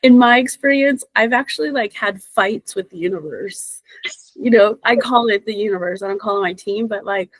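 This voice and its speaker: A woman intuitive reader in casual podcast chat, expressive and encouraging, laughing often. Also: mid-range voice, normal speed, dry recording, poor audio.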